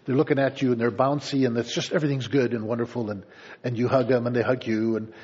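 A man's voice: medium pitch, little pitch movement, fast talker, darkish tone, breathy edge, dull audio. A man preaching a sermon in a conversational way, with playful asides to the congregation. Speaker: pastor.

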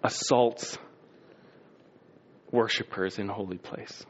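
Animated preacher man, lo-fi sound. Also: on the low side, takes it slowly, slight background noise. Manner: animated storytelling, acts out scenes with sound effects. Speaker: pastor. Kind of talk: sermon.

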